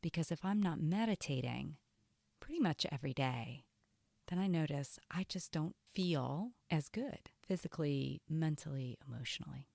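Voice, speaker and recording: A woman hosting a self-help podcast, talking earnestly in a casual way and often dropping to a soft whisper. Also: sits low, animated, normal speed, vocal fry, no room sound, studio quality. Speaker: podcast host and coach.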